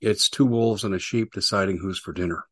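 A man hosting a political talk show, delivering an emphatic, mocking opinion monologue that slows down to stress its points. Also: low-pitched.

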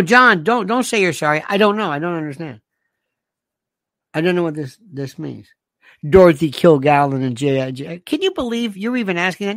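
With a gravelly, medium-pitched voice, an older host rants with animated indignation, quoting listener comments and throwing out rhetorical questions. It's recorded in studio quality, free of room sound.

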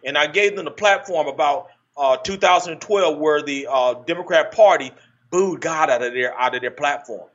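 A man hosting a casual political chat, halting with frequent restarts. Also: a little high, a bit bright. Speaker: podcast host. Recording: muffled lo-fi audio.

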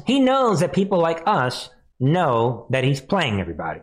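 A man's voice: on the high side, huge pitch swings, normal speed. A man hosting a live news commentary, mocking the clips he plays, laughing often and speaking straight to his viewers. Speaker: commentary host.

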